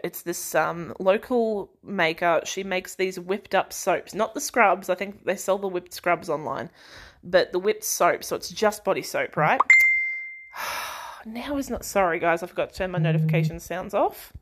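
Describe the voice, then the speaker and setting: A young woman, casually rambling through family stories as a podcast host, laughing and sighing often. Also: on the low side. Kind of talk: casual chat.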